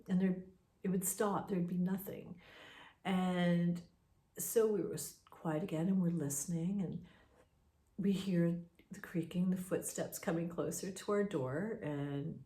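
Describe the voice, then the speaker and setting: A woman's voice: lowish voice, unhurried, mellow. A woman casually telling a personal ghost story in a chatty, conversational way. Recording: roomy echo.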